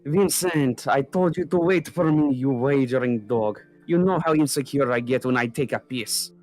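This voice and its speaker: A man's voice: medium pitch, normal speed, a little mellow, pitched above the performer's own voice, natural voice. A man playing a pompous noble lord. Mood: scolding. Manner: haughty, scolding. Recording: faint music behind.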